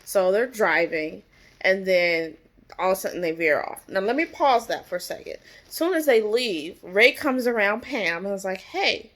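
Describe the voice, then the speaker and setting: A woman talks through a TV episode in a loose, chatty way, with lots of "like" and "you know" as she goes. Her pitch sits mid-range for a woman. She sounds like a vlogger telling friends what happened. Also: lively intonation, moderate pace, fairly bright tone. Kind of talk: casual TV episode recap.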